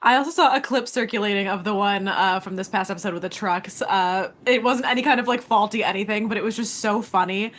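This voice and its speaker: Animated woman telling a story on a podcast. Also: medium pitch. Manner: animated storytelling with quick laughs. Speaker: podcast co-host. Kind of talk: casual recap chat.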